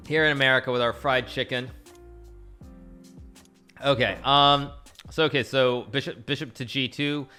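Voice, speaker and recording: A man's voice: medium pitch, pushed and bright. A man streaming a casual chess game analysis, rambling and often correcting himself. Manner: rambling, with frequent restarts and self-corrections.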